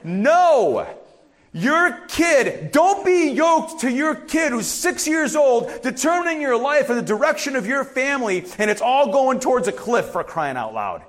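A middle-aged man preaching a sermon as pastor, urging loudly one moment and dropping to quiet asides the next. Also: very high voice, unhurried. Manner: animated, swings from loud urging to quiet asides.

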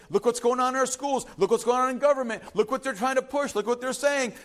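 Male preacher, high and very animated, dramatic sermon delivery with sudden soft drops. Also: brisk. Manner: dramatic, swings from loud urgency to soft hush. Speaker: pastor.

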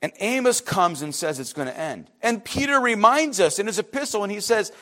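A man preaching a sermon as pastor, passionate and animated, breaking off for quick asides to the congregation. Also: sits high.

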